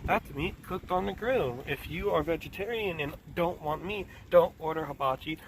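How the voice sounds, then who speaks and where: A man voicing a calm but irritated woman at a restaurant counter, patient, firm and repeating herself. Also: very high-pitched, a little fast, background noise, voice pushed up.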